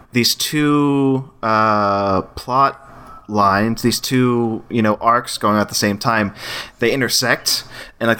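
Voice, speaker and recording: A man co-hosting a casual podcast, talking enthusiastically with drawn-out pauses. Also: medium pitch, pushed and bright. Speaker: podcast co-host. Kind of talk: casual chat.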